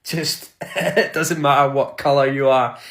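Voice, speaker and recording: A man's voice: mid-range voice, steady tone, measured pace, fairly bright tone, dry recording. A Scottish man with a Scottish accent speaks in a brash, emphatic way, swearing freely in a casual social media video. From Scotland.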